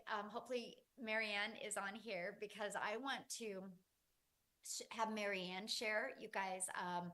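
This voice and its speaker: A woman's voice: a little high, fairly bright tone. Gushing, encouraging webinar host woman. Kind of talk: live webinar chat.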